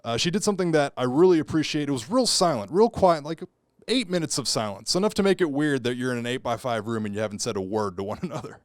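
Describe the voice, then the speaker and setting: A man's voice: mid-range voice, expressive, fast talker, no room sound, clean studio sound. Wry young man doing stand-up. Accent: Texan. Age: young adult. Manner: wry, self-deprecating, acts out characters. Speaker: stand-up comedian. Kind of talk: stand-up comedy set. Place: home setup for a virtual show.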